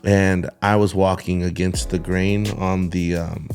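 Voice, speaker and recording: Easygoing man with a lowish voice. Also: unhurried, soft background music. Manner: easygoing, animated storytelling with slang. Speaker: podcast guest, shop owner. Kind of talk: casual chat.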